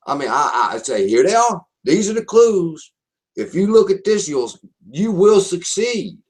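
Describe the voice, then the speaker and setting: A man with a Southern US accent and a voice on the high side presents a live online marketing webinar. He speaks emphatically and keeps repeating his key phrases.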